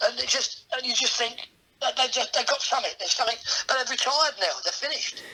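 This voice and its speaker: Bright, husky older male comedian. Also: very high-pitched, a little fast, rough recording. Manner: chatty, rambling storyteller with tag questions. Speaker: comedian guest. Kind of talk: casual anecdotal chat.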